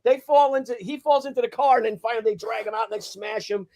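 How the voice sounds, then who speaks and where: Brief: male host, high voice, animated storyteller who acts out yelled lines and laughs a lot. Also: fast talker, creaky. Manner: acts out shouted quotes, swears, laughs often. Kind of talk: casual chat, animated storytelling.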